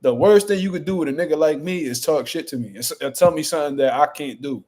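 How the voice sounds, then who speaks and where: A man's voice: fairly high pitch, quick pace, a little mellow. A young man hosting a boxing channel, chatting casually on a livestream in a boastful, profane, rambling way.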